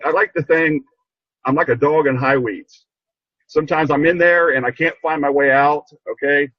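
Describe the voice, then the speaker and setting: An older man sharing a heartfelt story on a video call, earnest and halting, repeating himself as he gets choked up. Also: fairly high pitch, dry recording, highs cut off. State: emotional, choked up. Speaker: program participant sharing a story. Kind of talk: heartfelt rambling testimony.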